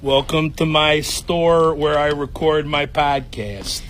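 A podcaster with a Chicago accent, reading playfully in a makeshift studio in a clothing shop, on a high-quality mic. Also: male voice, steady tone, takes it slowly, noisy background. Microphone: high-quality microphone.

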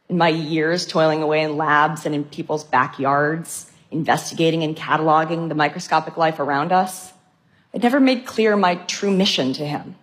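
A woman's voice: low voice, husky, no room sound. A young adult woman scientist telling her own story with vivid enthusiasm. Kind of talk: storytelling talk.

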